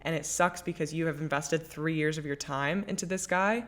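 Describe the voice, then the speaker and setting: A young woman with a low-pitched voice hosts her own podcast, talking through listener letters. She speaks candidly and emphatically, swearing freely in a loose, chatty way. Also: moderate pace, fairly bright tone. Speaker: podcast host. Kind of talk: casual chat, reading listener letters.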